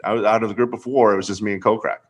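A young adult man telling a story in casual chat. He is animated and acts out the quotes with big leaps up in pitch. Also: racing, breathy edge. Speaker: podcast host.

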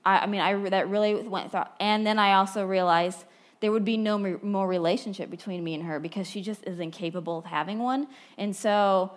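A woman giving a sermon, telling personal stories in an animated way, swinging from bright and loud to hushed and low. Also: brisk. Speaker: speaker at a church talk.

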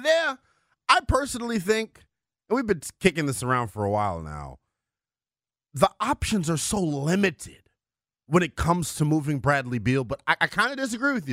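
A man's voice: normal speed, no room sound. A man co-hosting a sports radio show, talking animatedly and firing off rhetorical questions in a studio. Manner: animated, swings from loud to low, rhetorical questions. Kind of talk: sports talk radio banter.

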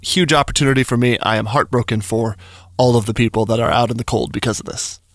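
A man's voice: medium pitch, vocal fry, fairly bright tone, no echo, studio quality. A man hosting a morning radio show, talking in an emotional, rambling way with sighs. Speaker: radio host. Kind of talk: casual morning radio chat.

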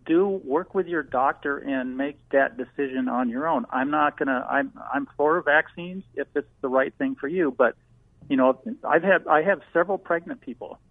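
Male caller, slightly high voice, tinny phone line, halting speech. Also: dry recording. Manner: halting, restarts often. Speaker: caller, small business owner. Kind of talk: call-in conversation.

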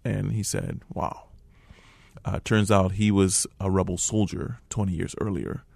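A man with an American accent, a guest earnestly telling a personal story in conversation, his voice dropping low and hushed at tense moments. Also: steady tone, moderate pace, gravelly, breathy edge, no room sound. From Liberia.

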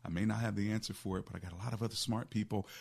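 Low-voiced man hosting a call-in show. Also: steady tone, racing, creaky, a little mellow, slightly rough. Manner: conversational, preacherly, teasing asides. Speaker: radio talk show host and pastor. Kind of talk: call-in radio talk.

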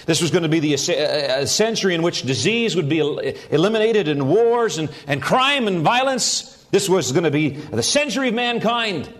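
A man's voice: a little high, sing-song, moderate pace, few pauses. Earnest man preaching a sermon. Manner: earnest preaching with rising emphasis on key phrases. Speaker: pastor.

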